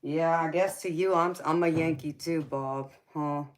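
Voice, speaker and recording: A woman's voice: sits low, steady tone, a little slow. A woman with a Southern American accent, chatting sassily with viewers on a tarot livestream and calling them baby. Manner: sassy, drawling, calls viewers baby. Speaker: tarot reader hosting a livestream. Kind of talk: casual livestream chat with viewers.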